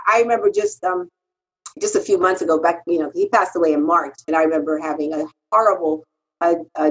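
A middle-aged woman, a freelance copywriter, telling stories in an interview in a candid, emphatic way. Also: low-quality recording. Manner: animated, emphatic, pitch jumps when quoting herself.

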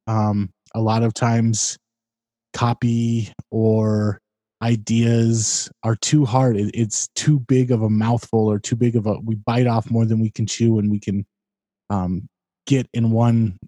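Mellow-voiced man, thoughtful podcast co-host. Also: mid-range voice, no room sound, studio quality. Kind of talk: casual podcast chat.

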